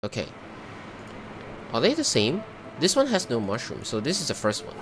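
A man's voice: mid-range voice, wildly swooping pitch, moderate pace, faint music behind. A man hosting a gameplay video, talking himself through each cooking step and breaking into exasperated outbursts at glitches. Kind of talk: live gameplay commentary.

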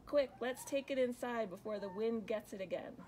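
A woman reading a picture book aloud, voicing a practical mother who gives firm, brisk instructions. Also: on the high side, a little mellow, slight background noise, natural voice.

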